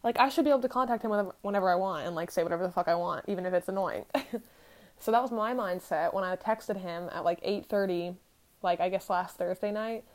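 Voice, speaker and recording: A woman's voice: fairly low pitch, fast talker. Candid young woman rambling through a story. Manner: candid, profane, rambling with many fillers. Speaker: podcaster. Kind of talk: casual storytelling.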